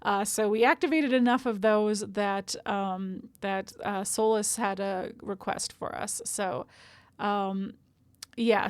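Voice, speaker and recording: A woman's voice: mid-range voice, no room sound. A woman streamer chatting casually over a game, rambling and self-deprecating, with lots of fillers.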